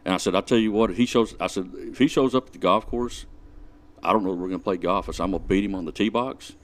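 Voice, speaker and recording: A man's voice: low-pitched, quick pace. A man in his forties, a podcast guest, retelling a prank story in a laid-back, dry way. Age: 40s. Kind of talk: casual storytelling chat.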